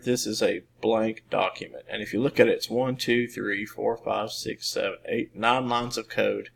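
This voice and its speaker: A man in his thirties walks through a coding lesson in a low, gravelly voice. He talks loosely, with plenty of ums and restarts. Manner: relaxed, rambling, many fillers and restarts. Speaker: teacher. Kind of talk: screen-recorded coding lesson.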